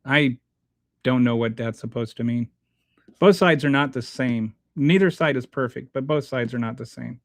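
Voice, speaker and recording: A man hosting his own show, reading viewer comments aloud and answering them in a halting, blunt, exasperated way, restarting his sentences often. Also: mid-range voice, vocal fry, dry recording, clean studio sound. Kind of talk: casual unscripted commentary.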